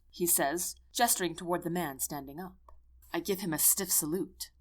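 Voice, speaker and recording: Expressive woman reading a first-person story. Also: on the low side, a little slow, breathy edge. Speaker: audiobook narrator. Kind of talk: first-person audiobook narration.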